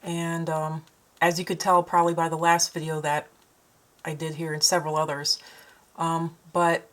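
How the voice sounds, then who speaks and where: A woman with a northern Minnesotan accent paints at home while talking to a camera she set up herself, rambling in a chatty vlog style full of fillers and restarts. Her voice sits low, monotone, and a bit bright at a normal speed, on a low-quality recording.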